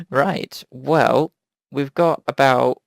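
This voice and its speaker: A woman's voice: rumbling low, vocal fry, dry recording. A woman co-hosting a podcast in casual chat, giggly and playful with dry remarks. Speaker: podcast co-host.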